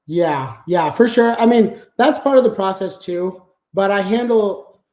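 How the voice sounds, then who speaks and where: A man's voice: high-pitched, animated, measured pace, a little mellow, roomy sound. A man talking casually as an interview guest about managing a sales team, explaining things step by step with frequent fillers.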